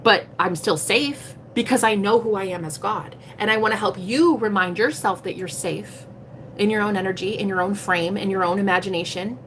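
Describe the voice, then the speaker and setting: A woman's voice: medium pitch, normal speed, a bit bright, slight background noise. A woman talking casually on a livestream as a tarot reader, blunt and emphatic, swearing freely and preaching self-empowerment. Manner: preachy, motivational.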